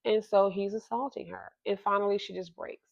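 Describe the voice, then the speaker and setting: Halting, emotional woman telling a story. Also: medium pitch, fairly even intonation, vocal fry. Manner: halting, emotional, many restarts. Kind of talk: personal story monologue. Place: at home. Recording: slightly dull lo-fi sound.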